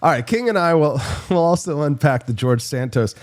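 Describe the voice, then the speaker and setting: A man hosting a live political talk show, joking and sarcastic with quick asides. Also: on the high side, animated. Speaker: host.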